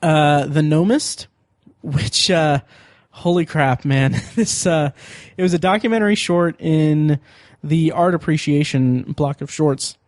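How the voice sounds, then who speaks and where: A man with a slightly high voice hosts a podcast, rambling eagerly with lots of ums and self-corrections. The sound is close and dry, with no room in it. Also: measured pace, dry recording. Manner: rambling, excitable, many fillers and restarts. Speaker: podcast host. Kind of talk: casual chat.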